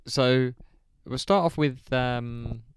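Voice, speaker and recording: A man's voice: mid-range voice, slow, slight background noise. A man hosting a casual podcast chat, laid-back and chuckling, reading out listener answers with plenty of ums. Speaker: podcast host.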